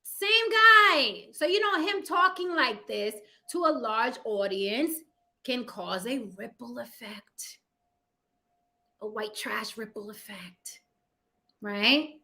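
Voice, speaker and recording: A woman delivers casual opinion commentary with a sassy, profane edge, talking straight to her viewers. Her voice sits high and bright, and she takes her time over each point. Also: slow. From United States. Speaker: commentary vlogger.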